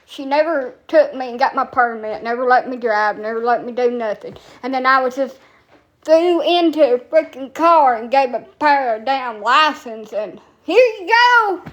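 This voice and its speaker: Woman w just ranting and cussing, kinda high voice, all over the place. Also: lively intonation, normal speed. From Alabama, USA. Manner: profane, blunt, rambling. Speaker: TikTok storyteller. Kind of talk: casual storytelling rant.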